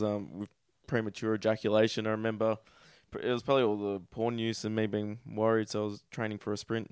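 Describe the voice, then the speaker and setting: A lowish, steady Australian man recounting his past as a podcast guest, blunt and self-mocking with plenty of swearing. His voice is smooth and clean, recorded close and dry with no room sound. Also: no room sound. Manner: candid, crude, self-deprecating. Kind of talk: casual podcast storytelling.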